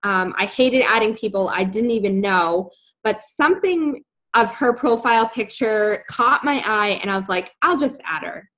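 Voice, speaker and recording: A young woman casually telling a personal story, animated, acting out her own past words. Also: medium pitch, moderate pace, low-quality recording.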